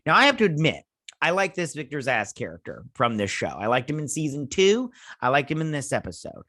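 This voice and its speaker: A man's voice: a little high, very animated, fairly quick, pushed and bright, dry recording, studio quality. A man hosting a casual episode review, talking in a sarcastic, mocking way and acting out the characters' lines in silly voices. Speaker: show host reviewing a TV episode.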